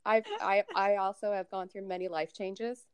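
A woman's voice: medium pitch, moderate pace, clean tone, no room sound. A woman from Minnesota, a podcast guest in casual chat, teasing the hosts playfully. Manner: lively, teasing, uses y'all.

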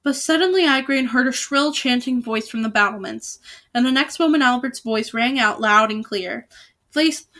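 A woman's voice: on the high side, normal speed, pushed and bright. A woman reading a novel aloud in a casual way, with small slips and restarts. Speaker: reader.

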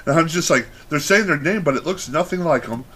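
A man's voice: fairly high pitch, animated, a little fast, pushed and bright. A man co-hosting a podcast, chatting casually in a rambling way with lots of fillers and swearing. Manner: rambling, filler-heavy storytelling with profanity. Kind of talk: casual chat.

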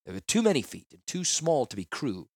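A man narrating a first-person fantasy novel in a measured, earnest way. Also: mid-range voice, very animated, a little mellow, dry recording, studio quality. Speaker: audiobook narrator.

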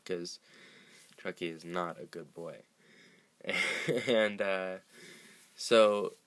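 A man with a fairly low voice talks through a movie recap in an unhurried, drawn-out way. His tone is bright and forceful, and he rambles loosely, swearing and laughing as he goes. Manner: rambling, profane, laughs often, many fillers and restarts.

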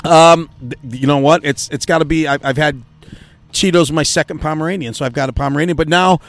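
Fast-talking joking male podcast guest. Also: fairly high pitch, steady tone. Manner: joking, rambling with many restarts. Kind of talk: casual podcast chat.

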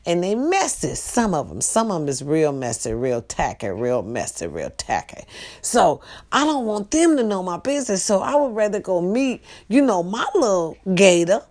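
A woman hosting a casual monologue for a live stream, talking straight to her viewers with loud outbursts and hushed asides. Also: lowish voice, sing-song, moderate pace. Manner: tag questions, talks straight to her viewers. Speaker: host.

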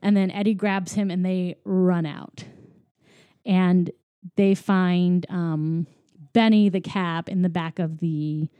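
A woman casually retelling a film plot, acting out the characters' lines in quick voices and laughing often. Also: on the low side, steady tone, dark tone, clear, resonant tone, dry recording. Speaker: podcast co-host. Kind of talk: casual film recap chat.

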